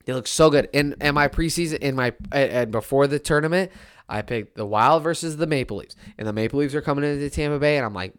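A man in his twenties giving a casual sports rant, animated and exasperated, with frequent restarts. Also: medium pitch, fast talker, clean tone. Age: 20s. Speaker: sports commentator.

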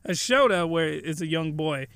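A young man hosting a comedic review, rambling and excitable, with loud bursts of ranting. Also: a little high, moderate pace, gravelly, clear, resonant tone, no room sound, studio quality. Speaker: host.

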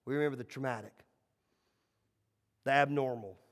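A middle-aged man preaching a sermon, telling stories and swinging between loud and hushed lines. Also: mid-range voice, moderate pace. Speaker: pastor. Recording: echoey hall reverb.

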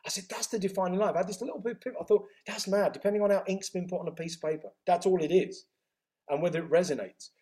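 Animated man telling a story. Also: sits high. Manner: animated, acts out dialogue with quick reported speech. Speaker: interview guest. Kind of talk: storytelling in conversation.

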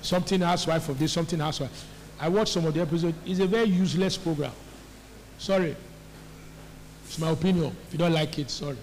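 A man preaching from the pulpit, pressing the congregation with repeated questions. His voice sits high for a man. A long hall reverb and faint room noise trail behind him. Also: quick pace, long pauses, darkish tone. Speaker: pastor. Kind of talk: sermon. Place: church hall. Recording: faint echo of a large church hall.

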